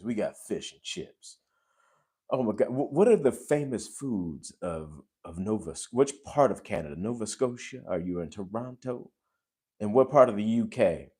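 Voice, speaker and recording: A man hosting a relaxed livestream, with a voice that sits a little on the low side. He gushes at his viewers and keeps breaking into sudden loud exclamations. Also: normal speed, slightly rough. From United States. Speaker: host. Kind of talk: casual livestream chat.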